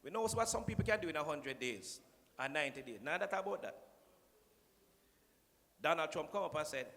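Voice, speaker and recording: Here a Jamaican-accented conference speaker teases the minister from a podium, his joking speech sliding into patois. His voice is a little high, expressive and fairly bright, normal in speed with frequent pauses. The recording carries the long reverb of a large hall.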